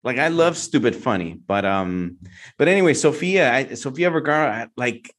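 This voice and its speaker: A male podcast host chatting casually at an ordinary middle pitch. He tells stories in a rambling, animated way. He restarts and trails off often. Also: normal speed. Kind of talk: casual chat.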